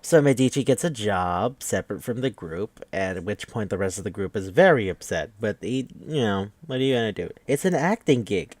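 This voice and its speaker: A man's voice: on the low side, expressive, normal speed, hardly any pauses, a little mellow, no echo. A man hosting a podcast, giving a casual, rambling, profane recap of an anime with wry asides. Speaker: podcast host.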